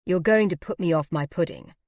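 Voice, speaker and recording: A woman reading as a detached British manager in a romance audiobook, speaking low and unhurried with a dry, clipped tone. The voice sits close to the mic with no room around it. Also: darkish tone, no echo, natural voice. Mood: cool teasing. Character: cool, dry British male band manager.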